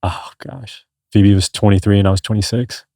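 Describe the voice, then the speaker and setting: A man in his thirties with a lowish voice tells his story in an earnest, rambling way, with many restarts. The sound is dry and close, with no room around it. It has the easy flow of a podcast chat. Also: flat delivery, moderate pace, warm tone, no echo. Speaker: podcast guest. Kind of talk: casual conversation.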